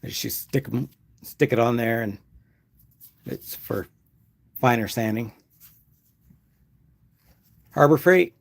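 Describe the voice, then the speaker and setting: A man casually explaining his woodturning setup on a live stream, in a relaxed, chatty way. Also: mid-range voice, slow, vocal fry, pauses often.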